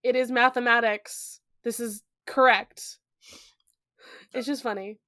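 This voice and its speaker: A woman's voice: fairly high pitch, fairly even intonation, takes it slowly, a bit bright, no room sound, studio quality. A young woman co-hosting a podcast, chatting casually about a book with playful asides and frequent laughter. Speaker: podcast co-host. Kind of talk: casual book-discussion chat.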